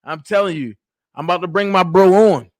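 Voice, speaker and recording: Brief: high-pitched male host, loud and hyped, slangy livestream banter, dry close sound. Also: a little fast, dry recording. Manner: loud, hyped, slangy call-outs to viewers. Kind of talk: casual livestream chat.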